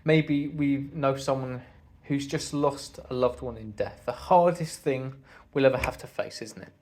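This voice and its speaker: A man's voice: medium pitch, measured pace, a little mellow. A man giving an earnest sermon talk to a congregation, speaking conversationally and asking the listeners rhetorical questions.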